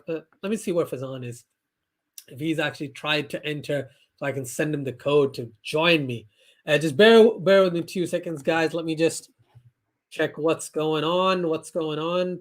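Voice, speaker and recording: A young man with a high voice hosts a live cricket watchalong stream. He commentates on the play in a chatty, casual way and breaks into excited shouts when a wicket falls. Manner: chatty, reads viewer comments aloud, bursts into excited shouts. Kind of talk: live commentary and chat reading.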